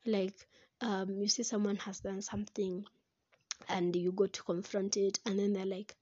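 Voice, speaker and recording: A young woman talks straight to camera in an animated, chatty way. Her voice sits at a middle pitch. The sound is dry and a little dull. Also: moderate pace, slightly rough, no echo. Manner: chatty and animated, breaks into laughter, slips into Swahili. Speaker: vlogger. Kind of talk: casual talk to camera about relationships.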